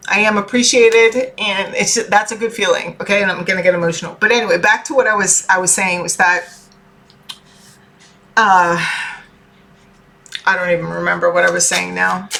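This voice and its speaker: A woman's voice: mid-range voice, fairly even intonation, normal speed, creaky, pauses often, pushed and bright. A woman, a tarot reader and life coach, giving a chatty, earnest motivational talk to her viewers. She keeps checking in with "okay?" and swears casually. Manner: earnest and heartfelt.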